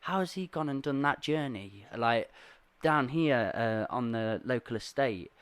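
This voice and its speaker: A relaxed male host asking questions and laughing along with his guest. His voice is recorded close and dry, with no room sound around it. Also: medium pitch, measured pace, smooth, dry recording. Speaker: podcast host. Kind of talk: casual podcast chat.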